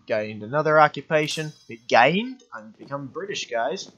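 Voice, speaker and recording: A man's voice: fairly high pitch, very animated, moderate pace, fairly bright tone, highs cut off. A young man giving offhand, rambling commentary while playing a strategy game, often correcting himself. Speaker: gaming commentator. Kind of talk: let's play commentary.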